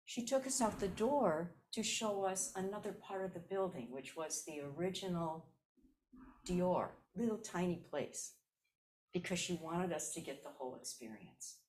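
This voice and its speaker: A woman's voice: fairly low pitch, animated, moderate pace, a little mellow, a little hiss or hum. A woman in her seventies from Chicago's South Side, a Zen teacher giving a dharma talk as personal storytelling and repeating her key phrases. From South Side of Chicago, USA. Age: 70s.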